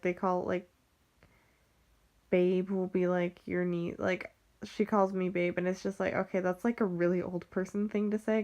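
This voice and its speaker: In a lowish, gravelly voice with a darkish tone, a young woman vlogs casually about her family. She has a General American accent from the Western US, rambles, keeps restarting, and says "like" all the time.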